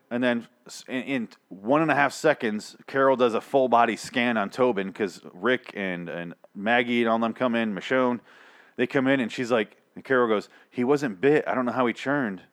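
A man talks through a show recap in a loose, unscripted monologue. He rants with heavy profanity, piles on sarcastic asides, and stumbles through fillers and restarts, all in an average-pitched voice. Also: a bit bright. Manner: ranting, sarcastic, frequent swearing and fillers.

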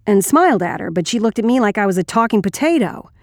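A woman's voice: medium pitch, animated, quick pace, no echo, studio quality, lightly acted. A woman reading an audiobook as a blunt, wry, crude male ex-Marine narrator.

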